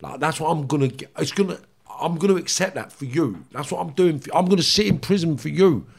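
A man's voice: on the high side, expressive, brisk, gravelly, breathy edge. An intense man, speaking with blunt, raw feeling and frequent swearing. He circles back and repeats his points as he talks. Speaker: guest, former criminal. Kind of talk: emotional interview storytelling.

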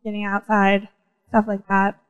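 A woman's voice: mid-range voice, monotone, unhurried, clean tone. A woman guest on a talk show, answering in an easygoing, casual way. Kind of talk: casual interview chat. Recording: dull lo-fi sound.

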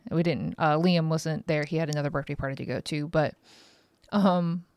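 Low, smooth-voiced woman podcaster. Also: fairly even intonation, normal speed, a little mellow, no echo, clean studio sound. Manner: rambling, frank, swears casually. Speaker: podcast host. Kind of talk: casual monologue.

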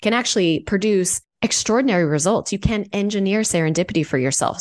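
Low-voiced woman in her forties, articulate consultant in an interview, laughs now and then. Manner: articulate, animated, laughs easily. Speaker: guest, executive consultant. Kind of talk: conversational interview answers.

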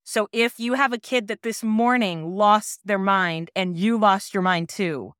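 A woman in her thirties hosting a parenting podcast, telling a personal story in a gentle, earnest, reassuring way. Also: medium pitch, unhurried, smooth, no echo, studio quality. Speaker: podcast host.

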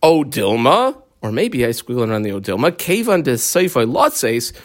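A man's voice: mid-range voice, sing-song. A man giving a Talmud lesson in a plain mid-range voice. He reads short Aramaic passages, then explains them in English, stopping often with hesitant fillers. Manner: halting, many fillers, mixing Aramaic readings with English explanation. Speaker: Talmud teacher.

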